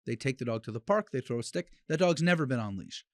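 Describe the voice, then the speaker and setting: A man hosting a solo podcast as a dog trainer, talking bluntly and with conviction in quick bursts, with frequent restarts. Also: medium pitch, animated, no room sound, studio quality.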